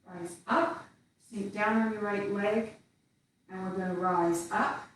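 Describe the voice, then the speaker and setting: Calm lady tai chi teacher, slow cues, really echoey room, kinda far from the mic. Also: mid-range voice, slight background noise. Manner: calm, slow cues spoken while moving. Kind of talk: calling out tai chi moves while demonstrating. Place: indoor room with little space.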